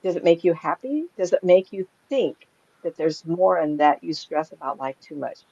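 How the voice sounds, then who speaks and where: An older woman, a psychic medium, telling anecdotes in a chatty, animated way and laughing often as she talks. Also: on the low side, normal speed, husky. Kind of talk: casual storytelling in an interview. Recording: dry, slightly dull lo-fi sound.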